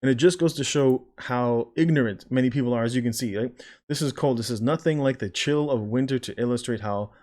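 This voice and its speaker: Guy nurse ranting casually on his vlog, sarcastic, kinda rambly, normal pitch. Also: a little fast, a little mellow. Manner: sarcastic, rambling, mimics people he disagrees with. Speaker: nurse giving video commentary. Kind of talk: casual commentary.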